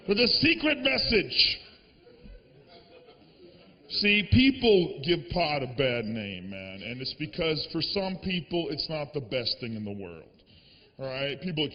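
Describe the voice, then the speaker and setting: A man doing a stand-up comedy set on a live stage, brash and profane, breaking into shouted rants into a handheld mic. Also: fairly high pitch, big pitch swings, measured pace, in a large hall. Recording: dull lo-fi live recording.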